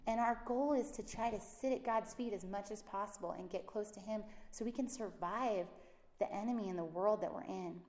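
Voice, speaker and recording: A woman's voice: medium pitch, normal speed. A woman, a Christian speaker and mother, giving a casual faith talk and acting out the voices she quotes. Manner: animated, acts out quoted voices. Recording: roomy echo.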